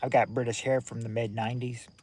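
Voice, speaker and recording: A man's voice: medium pitch, flat delivery, fast talker, darkish tone, breathy edge. A man hosting a livestream, chatting casually and rambling with viewers at home at night. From United States. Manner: rambling, chatty, restarts often. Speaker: livestream host. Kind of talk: casual chat with live viewers. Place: at home indoors with lights on at night.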